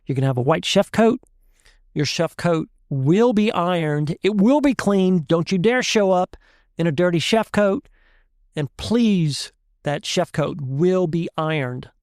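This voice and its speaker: A man voicing a stern chef instructor laying down the dress code in a deliberate way. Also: high voice, lively intonation, darkish tone, no echo, clean studio sound. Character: stern male culinary school chef giving the rules.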